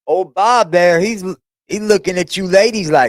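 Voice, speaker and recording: A man's voice: sits high, sing-song, normal speed, dry recording. Crude, whooping man reacting. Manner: crude, teasing, swings into loud whoops. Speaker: reaction channel host. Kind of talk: casual reaction commentary.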